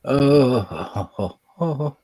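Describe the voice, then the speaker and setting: Playful English man, lively pitch. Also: drawn-out words, breathy edge, dry recording. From England. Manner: playful, teasing, sing-song. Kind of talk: casual online group chat.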